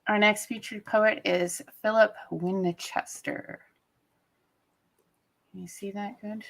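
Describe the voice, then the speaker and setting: A woman's voice: medium pitch, steady tone, slow pace, gravelly, poor audio. A woman in her thirties hosting an online open mic from home over a video call, reading poems aloud and chatting between them. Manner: chatty, laughs often. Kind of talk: casual hosting and poetry reading.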